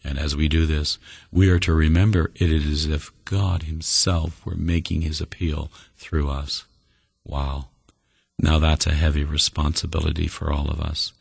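A man's voice: rumbling low, level tone, normal speed, creaky, breathy edge, dry recording. A man preaching a sermon as a pastor for listeners, earnest and folksy, with light jokes. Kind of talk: radio sermon.

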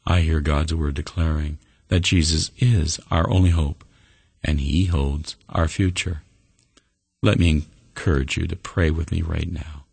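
A man's voice: a bass voice, steady tone, unhurried, gravelly, a little mellow, slightly rough, no room sound. A man preaching a sermon as a pastor for listeners, earnest and folksy, with light jokes. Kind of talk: radio sermon.

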